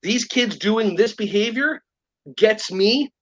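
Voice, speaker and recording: A man's voice: sits high, slow pace, dull audio. A man from the United States talking eagerly in an interview about children's behavior, acting out kids and teachers as he goes. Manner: animated, acts out kids and teachers in quoted voices. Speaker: guest, behavior trainer for preschool teachers. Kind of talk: enthusiastic interview talk.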